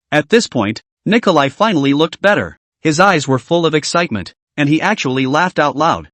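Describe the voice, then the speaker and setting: Animated man narrating a comic recap. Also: a little high, fairly quick, hardly any pauses, dry recording. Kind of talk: scripted story recap narration.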